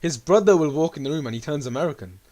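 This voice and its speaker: A man hosting a trading livestream, chatting casually and walking through chart setups in a relaxed, low-key way. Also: fast, a crowd in the background. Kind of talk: casual chat and chart analysis.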